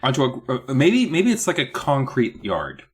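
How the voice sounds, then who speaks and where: Animated man in casual podcast chat. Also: medium pitch, normal speed, slightly rough. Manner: animated, exasperated commentary. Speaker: podcast co-host. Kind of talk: casual chat, recapping a book.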